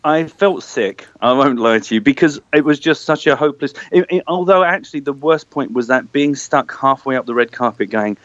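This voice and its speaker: A man's voice: mid-range voice, animated, fairly quick, few pauses, a bit bright, no echo, highs cut off. A man telling a self-deprecating anecdote in a casual chat, acting out the voices and cheers as he goes. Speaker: guest storyteller.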